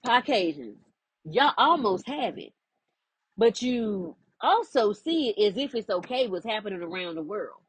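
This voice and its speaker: A woman's voice: mid-range voice, expressive, a little slow, breathy edge, no room sound, low-quality recording. A woman, speaking as a spiritual life coach in an emphatic, preachy monologue. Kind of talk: direct-to-camera monologue.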